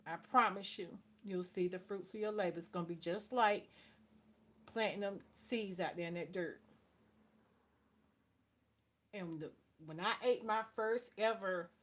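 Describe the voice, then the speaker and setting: A woman's voice: mid-range voice, unhurried. An older woman, rambling through a casual spiritual talk and calling the listener "baby" as she preaches. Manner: rambling, swings from soft to loud. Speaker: spiritual channel host.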